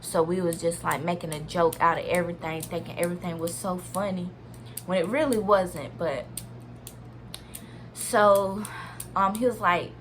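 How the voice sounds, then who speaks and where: A woman's voice: on the low side, fairly even intonation, moderate pace, pauses often, fairly bright tone, a little hiss or hum. A young woman vlogger telling a personal story in a casual, rambling way, talking straight to viewers and filling sentences with "like". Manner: chatty, talks straight to viewers as "y'all"; rambling, restarts sentences, many "like"s.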